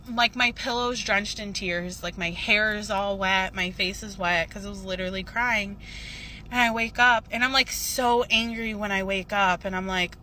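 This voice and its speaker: A woman's voice: mid-range voice, normal speed, a little hiss or hum. A woman casually retelling a vivid dream, full of fillers and quoted dialogue. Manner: filler-heavy, animated retelling. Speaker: storyteller recounting a dream. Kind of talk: casual storytime.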